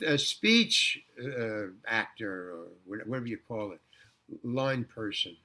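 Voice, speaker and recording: A man's voice: medium pitch, slow pace. An older man from New York, a guest actor telling stories in a casual interview, rambling with restarts and acting out quotes. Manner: rambling, animated, full of restarts and acted-out quotes.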